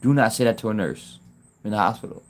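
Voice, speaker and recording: A man chatting casually on a livestream from his phone, rambling in halting, broken-off phrases and laughing often. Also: fairly low pitch, slight background noise. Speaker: YouTube livestreamer.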